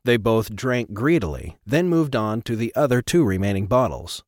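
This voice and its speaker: A low-voiced man narrating a thriller audiobook, with a lively, swinging pitch that rises and falls with the action. The recording is close and completely dry. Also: moderate pace, no echo. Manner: expressive, dramatic reading. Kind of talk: scripted narration.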